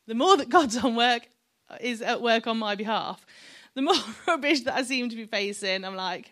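A woman's voice: fairly high pitch, a little fast, vocal fry, few pauses, fairly bright tone. A middle-aged woman preaching a sermon, chatty and encouraging, with joking asides to the congregation.

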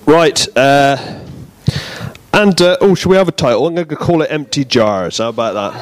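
A man giving a relaxed, jokey sermon in a church, bantering with the congregation. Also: a little high, moderate pace, no echo. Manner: chatty, jokey, self-deprecating. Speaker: preacher.

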